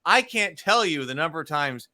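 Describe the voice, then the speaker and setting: A man's voice: a little high, lively intonation, moderate pace, sharp tone. A man in his forties, a guest in a casual film chat, enthusiastic and repeating himself as he laughs.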